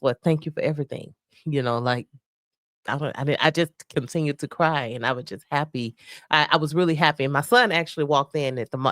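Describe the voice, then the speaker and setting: A woman co-hosting a faith-based marriage podcast, talking softly and reflectively with many pauses and fillers. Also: extremely low pitch, no room sound, studio quality. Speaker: podcast co-host. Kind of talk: casual faith-based chat about marriage.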